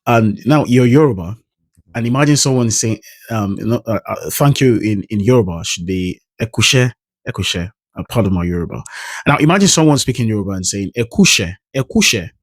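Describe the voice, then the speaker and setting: A man's voice: on the low side, expressive, a little fast, darkish tone, no echo. A man with a Nigerian accent, a native Idoma speaker, talking casually to camera as a pronunciation coach and trying out sample words as he explains. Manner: thoughtful, explains with spoken pronunciation examples.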